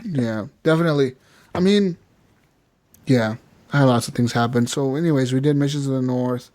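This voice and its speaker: A man's voice: medium pitch, moderate pace, a little mellow, dry recording. A man co-hosting a casual podcast, retelling scenes with lots of swearing and laughter. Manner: swearing, laughing, recounting scenes with quoted dialogue. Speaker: podcast co-host. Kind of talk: casual chat.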